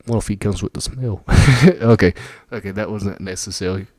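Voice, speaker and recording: Brief: low-voiced man in a dry, close recording, casual reaction talk full of fillers and laughs. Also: steady tone, moderate pace, a little mellow, no room sound. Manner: rambling, many fillers, laughs often. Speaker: video reactor.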